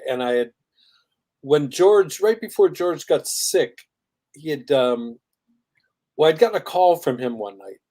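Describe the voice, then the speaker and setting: An older man, a guest on a podcast, telling animated stories with laughs and acted-out quotes in a casual chat. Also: medium pitch. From United States. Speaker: podcast guest, music industry veteran.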